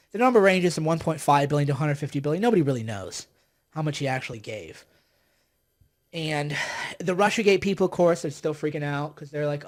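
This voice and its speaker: A man hosting a livestream, ranting with sarcasm and exasperation as he mocks his opponents. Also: sits high. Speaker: political commentator hosting a livestream.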